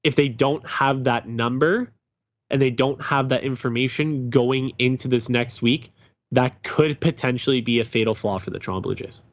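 A man's voice: medium pitch, normal speed. Rambling man on a dull lo-fi mic. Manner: rambling, hesitant with many fillers and restarts. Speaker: podcast co-host. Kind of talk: casual sports chat. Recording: dull lo-fi sound.

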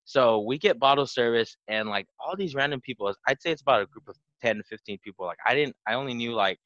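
A man's voice: medium pitch, animated, fairly quick, fairly bright tone, no room sound, dull audio. A young man in his twenties, hosting a podcast and telling a long story casually, with "like" all through it. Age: 20s. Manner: rambling, full of "like" fillers. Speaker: podcast host.

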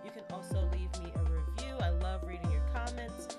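A woman's voice: on the low side, fairly quick, over loud music. A young woman hosting her own podcast in a casual, candid solo chat, talking freely and laughing often. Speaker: podcast host.

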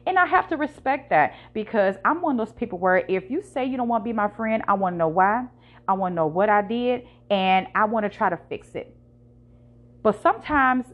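A woman's voice: a little high, dull audio. A woman hosting her own podcast, speaking candidly and emotionally in a casual monologue with slang. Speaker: podcast host. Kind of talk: personal confessional monologue.

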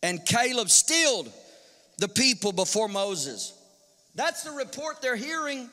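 A male pastor preaching a sermon in an animated style, firing off rhetorical questions and acting out quotes. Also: extremely high pitch, measured pace. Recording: long hall reverb.

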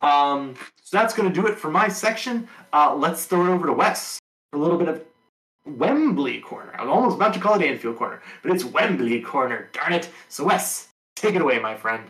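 A man's voice: fairly high pitch, brisk. Rambling man in a roomy space. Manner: relaxed and rambling, with many ums. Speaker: podcast host. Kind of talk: casual sports talk.

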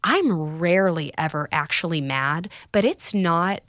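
A woman's voice: lowish voice, lively intonation, unhurried, fairly bright tone, dry recording, clean studio sound. A woman talking candidly about recovery in a casual podcast chat, telling stories with quoted voices.

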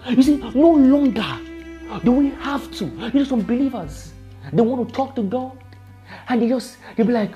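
Brief: woman preacher, lively swooping delivery, warm dark tone, faint music behind. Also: fairly high pitch, moderate pace, highs cut off. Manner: emphatic, repetitive, laughs often. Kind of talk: sermon.

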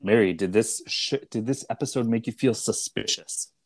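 A man's voice: fairly low pitch, normal speed. A man hosting a podcast, making dry, wry asides in a casual discussion. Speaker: podcast host.

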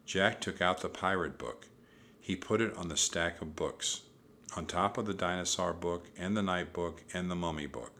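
A man narrating a children's audiobook in a steady, measured storytelling voice. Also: deep voice, slight background noise.

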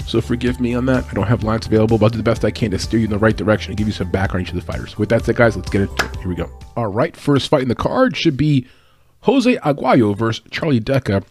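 A man's voice: medium pitch, darkish tone, no room sound, clean studio sound. A man hosting a casual sports breakdown show, chatty and upbeat, laughing at his own asides. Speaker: MMA podcast host.

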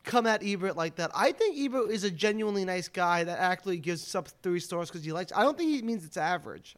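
A man hosting a casual movie podcast, animated and laughing, with a sing-song sign-off. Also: high voice, a little fast, dry recording. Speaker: podcast host. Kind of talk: casual chat.

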